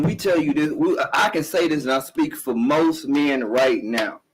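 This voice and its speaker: A man's voice: mid-range voice, breathy edge, rough recording. A middle-aged man hosting a live-streamed podcast, ranting bluntly and emphatically, swearing often and repeating himself. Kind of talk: casual profane commentary rant.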